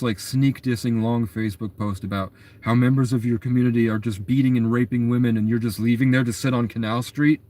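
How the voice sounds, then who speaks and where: A young man talks in a loose, rambling monologue at a mid-range pitch. His telling is agitated and keeps running on from one thought to the next. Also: dark tone. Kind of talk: casual storytelling monologue.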